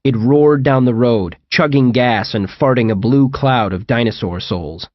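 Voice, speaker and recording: A man's voice: mid-range voice, measured pace, dry recording, dull audio. A man narrating a first-person comic horror audiobook in a wry storytelling manner. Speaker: audiobook reader.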